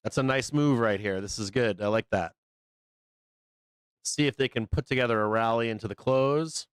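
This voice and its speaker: A man's voice: medium pitch, normal speed, smooth, no room sound. Blunt, profane male trading-show host. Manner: blunt, profane, laughs often. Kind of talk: casual livestream chat.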